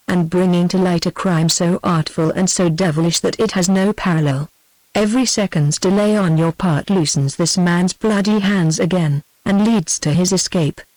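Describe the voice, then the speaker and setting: A synthetic text-to-speech voice reading a classic novel aloud in a flat, even manner, speaking punctuation marks as words. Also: medium pitch, no room sound, low-quality recording. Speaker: audiobook narrator. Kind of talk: scripted narration.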